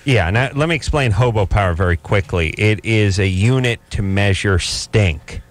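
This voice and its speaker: A man hosting a radio call-in show, telling stories and ribbing callers in sarcastic, animated banter. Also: on the low side, moderate pace.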